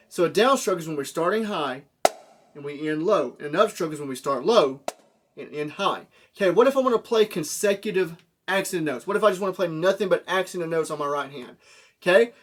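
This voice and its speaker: A man with a slightly high voice walks students through a drum lesson, breaking each move into small steps and checking in with his class as he goes. Faint drum strikes and clicks sit under his voice. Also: a bit bright, slight background noise. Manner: explains step by step, asks checking questions like "okay?". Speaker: drum teacher. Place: room with a drum. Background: drum hits.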